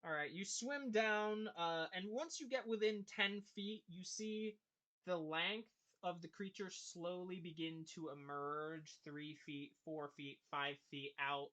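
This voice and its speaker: Bright-voiced game master, rambling narration. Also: medium pitch, slow. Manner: rambling, many fillers and restarts.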